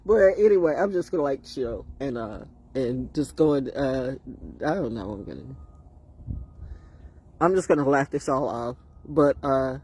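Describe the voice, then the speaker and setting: Husky woman ranting on her live stream, preachy and animated, voice all over the place. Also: mid-range voice, normal speed. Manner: animated, preachy, riffing with laughs and bursts of song. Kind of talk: rambling live-stream monologue.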